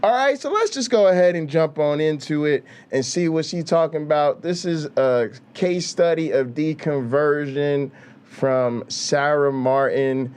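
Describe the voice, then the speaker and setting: A man hosting a reaction show, loud and mocking, with profane, hyped-up commentary. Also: fairly high pitch, unhurried, clean tone. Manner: loud, hype, mocking, swears constantly. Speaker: reaction channel host.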